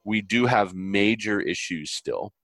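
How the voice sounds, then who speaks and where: A man as an interview guest, talking earnestly and animatedly, with lively quoted voices and preacher-like biblical illustrations. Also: fairly low pitch, measured pace, no room sound. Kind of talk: conversational interview.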